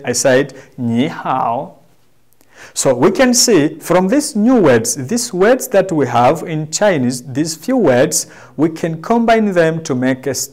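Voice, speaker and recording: A male teacher with a Tanzanian accent leads a classroom lesson at a very slow pace. He repeats each word several times for students to say back, his pitch rising and falling a lot. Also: a little mellow.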